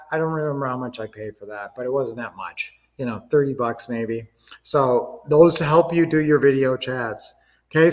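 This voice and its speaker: An upbeat man runs a casual livestream, speaking with a slightly high voice. He talks to his viewers in a chatty, teaching way. His audio comes through a dull, lo-fi webcam mic in a home office. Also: fairly bright tone. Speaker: livestream host.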